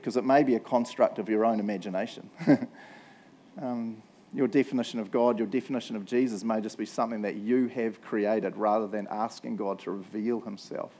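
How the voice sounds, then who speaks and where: A man's voice: on the low side, fairly even intonation, fairly quick, dark tone. Chatty New Zealand pastor, middle-aged man. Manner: chatty, humorous, keeps tagging "right?". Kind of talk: casual sermon storytelling.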